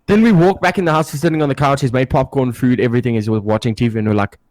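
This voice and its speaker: A young man co-hosting a podcast, telling stories in a casual, animated way and swearing freely. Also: mid-range voice, rapid-fire, no echo. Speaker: podcast co-host. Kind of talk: casual storytelling.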